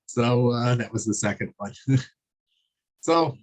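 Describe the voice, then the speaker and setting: A man's voice: medium pitch, expressive, slow pace, long pauses. A man teaching a casual online Torah class over a video call, chatty and digressive, chuckling as he tells jokes.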